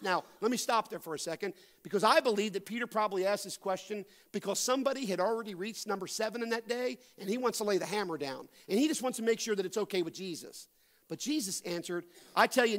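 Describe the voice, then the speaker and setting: An American pastor delivers a sermon in a church sanctuary. His voice sits very high for a man. He builds to emphatic peaks, then sinks to a quiet hush to drive a point home. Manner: preaching with rising emphasis and dramatic drops to a hush.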